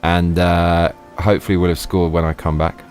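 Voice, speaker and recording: Faint music plays under this live game stream, where a man speaks in a low, darkish voice with a level tone and moderate pace. His casual chatter is profane and exclamatory, punctuated by frequent laughter.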